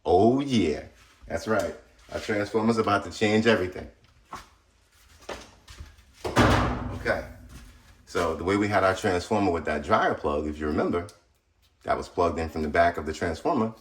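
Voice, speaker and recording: A man's voice: low-pitched, expressive, moderate pace, pauses often, echoey room, slight background noise. A man hosting a casual how-to video, talking straight to viewers in a blunt, chatty way while he works around his house. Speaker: DIY solar video host. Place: house interior, laundry area.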